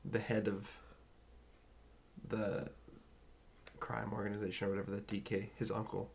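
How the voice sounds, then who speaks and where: A man's voice: fairly low pitch, level tone, moderate pace, gravelly, darkish tone, a little hiss or hum. A young man co-hosting a casual movie podcast, mostly agreeing with short replies and laughing along. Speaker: podcast co-host. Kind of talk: casual movie-review chat.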